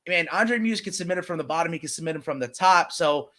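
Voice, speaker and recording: A man co-hosts a casual podcast chat with a high, bright voice. He rambles along with fillers and restarts, calling his partner brother and man. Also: lively intonation, quick pace. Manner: chummy, calls his co-host brother and man. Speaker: podcast co-host. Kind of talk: casual sports betting chat.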